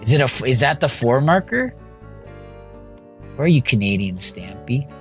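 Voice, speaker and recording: A man live-streaming a game, thinking out loud and answering his chat as he goes. His pitch swings up and down a lot while he talks, and faint music plays behind him. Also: sing-song, moderate pace. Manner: scattered, self-talking, reacting to chat. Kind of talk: casual live-stream commentary.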